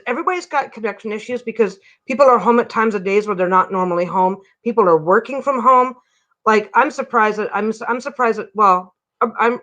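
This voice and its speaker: A woman with a mid-range, slightly bright voice hosts a casual livestream chat from home, rambling and often cutting herself off mid-sentence. The audio has its highs cut off.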